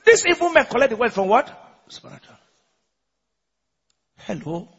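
Casting: husky male pastor, high animated voice, call-and-response sermon in a muffled echoing hall. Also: brisk. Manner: preaches with call-and-response questions and laughs often. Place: large church hall. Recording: muffled recording in a large echoing church hall.

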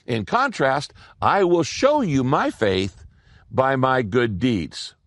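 A male pastor preaching a sermon with a lively, rising and falling voice. He pushes some phrases out in quick bursts and lingers on others. The sound is dry and close. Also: no echo. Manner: expressive preaching with wide pitch swings and bursts of speed.

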